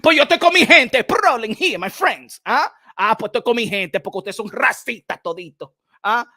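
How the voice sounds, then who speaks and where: A man with a Dominican accent hosting a boxing show in a casual live-stream chat, playful and loud, laughing often and mixing English with Spanish. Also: very high voice, lively intonation, a little fast, no room sound, studio quality. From Dominican Republic. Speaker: boxing YouTube host.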